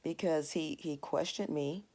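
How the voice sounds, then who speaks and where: A woman in her forties gives a devotional Bible lesson in a low voice with a gravelly grain. She talks in a plain, earnest, conversational way and draws her point out of everyday family life. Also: a little slow, mellow. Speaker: Bible study teacher.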